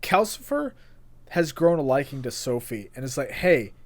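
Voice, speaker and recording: A young man co-hosting a casual podcast chat, excitable and rambling, often restarting his sentences. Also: mid-range voice, normal speed. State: hiccups. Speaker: podcast co-host.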